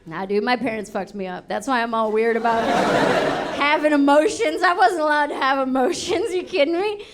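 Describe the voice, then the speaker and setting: A woman's voice: high voice, lively intonation, moderate pace. A young woman performing a stand-up comedy set, brash and swearing, slipping into acted voices, recorded live at a show. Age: young adult. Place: comedy show before a laughing audience. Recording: live show with audience noise.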